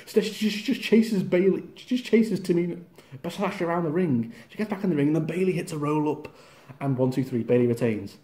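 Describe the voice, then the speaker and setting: A man's voice: on the high side, lively intonation, fairly quick, warm tone. A man giving a casual, rambling wrestling review, often acting out the wrestlers' lines.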